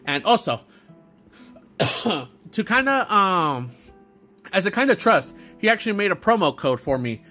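Rambling young man with a bright voice. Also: high-pitched, very animated, a little slow, long pauses, faint music behind. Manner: rambling, many fillers and restarts. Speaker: YouTuber doing an unboxing video. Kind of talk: unscripted casual vlog talk.

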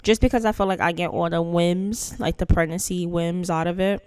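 A woman's voice: lowish voice, steady tone, moderate pace, darkish tone, smooth, dry recording. A woman giving casual, chatty gameplay commentary to her channel's viewers, playful and slangy in her asides. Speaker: gaming channel host.

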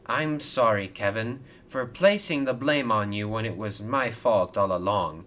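A man's voice: on the low side, a little slow, fairly bright tone. A man doing a stern crane boss. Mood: calm. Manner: firm, scolding, exasperated. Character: stern hardworking male crane boss, gruff but fair. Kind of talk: toy train storybook video.

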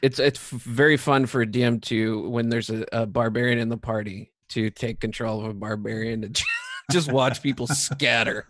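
A man acting as dungeon master, relaxed and chuckling, often pausing on fillers as he explains the rules. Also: mid-range voice, dry recording, clean studio sound. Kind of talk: running a tabletop game.

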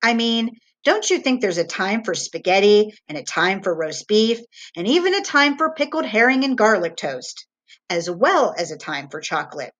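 A woman's voice: medium pitch, sing-song, moderate pace, fairly bright tone. A woman voicing a stern middle-aged father who reasons firmly with his son. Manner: firm, reasoning, lecturing.

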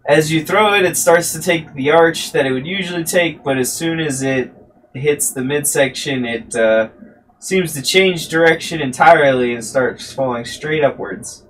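A man's voice: a little high, moderate pace, fairly bright tone, slight background noise, low-quality recording. A man running a tabletop roleplaying game as dungeon master, laid-back and joking, with lots of fillers.

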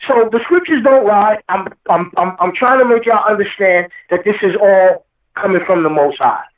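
A man's voice: high-pitched, moderate pace. A man giving a heated, preachy interview, quoting scripture and repeating himself for emphasis. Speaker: rapper guest. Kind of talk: impassioned interview talk. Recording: echoey, distant phone line.

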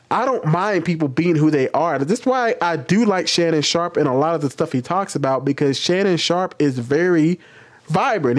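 A man hosting his own channel, giving casual commentary to camera in an animated, passionate way. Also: a little high. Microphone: webcam.

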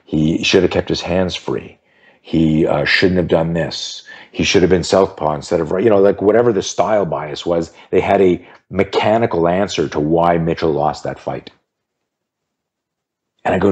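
A man's voice: deep voice, normal speed, darkish tone, husky. A man in his fifties, a self-defense instructor, telling a story as a podcast guest; he talks emphatically, repeats key phrases, and acts out the people in his anecdotes. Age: 50s. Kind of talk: storytelling in an interview.

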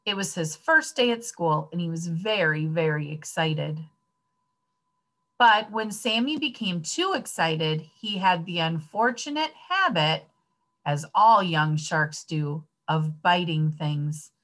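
A woman reading a children's picture book aloud, expressive and addressing the children. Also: on the low side, slow. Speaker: story reader.

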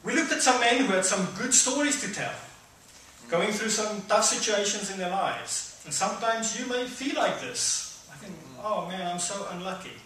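Middle-aged guy giving a sermon, bright forceful voice, far from the mic in a really echoey hall. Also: expressive, moderate pace, slight background noise. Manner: conversational, acts out voices with sudden loud high bursts. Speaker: preacher. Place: church hall.

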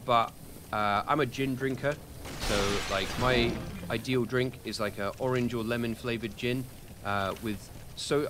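Answering chat during a live stream, a young UK gamer rambles casually with plenty of ums and jokes at his own expense. His voice is on the low side, and there's background noise.

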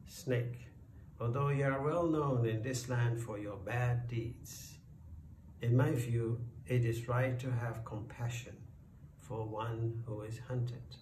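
A man's voice: mid-range voice, steady tone, slow, darkish tone, close to an everyday voice. A man voicing a kind but frightened farmer who pleads for his life, in a storybook tale. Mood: anxious. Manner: anxious, pleading. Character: frightened, kindly male farmer. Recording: roomy, distant, faint noise.

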